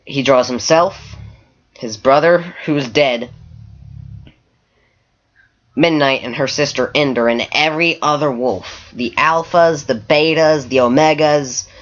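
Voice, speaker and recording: A man rambles through a story from an online game in a casual, unscripted way, stuffing it with "like" and false starts. His pitch sits in the middle range, and the recording sounds dull and lo-fi. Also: slow, pauses often, a bit bright. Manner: rambling, full of "like" fillers and restarts.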